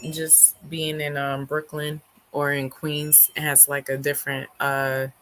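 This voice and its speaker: A woman hosting a book club livestream, her voice hoarse and not fully recovered, talking in an animated, slangy way. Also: low-pitched, slow. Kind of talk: casual livestream chat.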